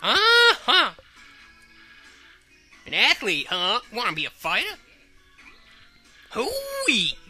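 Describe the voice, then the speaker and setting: A loud, folksy older fight promoter hollers country slang in a game reading, as a woman puts him on. His voice is piercingly bright and swings all over the place, with faint music underneath. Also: a little high, wildly swooping pitch, slow pace, pauses often, exaggerated voice. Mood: blustery.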